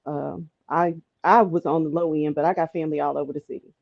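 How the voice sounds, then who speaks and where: A woman's voice: sits low, steady tone, quick pace, gravelly, no room sound. A woman from Chicago calling into a live stream, talking earnestly and gratefully with many ums. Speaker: caller. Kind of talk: casual call-in chat. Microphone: remote call line. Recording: dull call-in audio.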